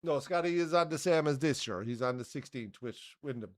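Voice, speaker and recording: An Irish man co-hosting a live golf watchalong, chatting casually and calling shots excitedly. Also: medium pitch. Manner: chatty, excitable, quick to laugh. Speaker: watchalong co-host. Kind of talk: casual golf commentary and chat.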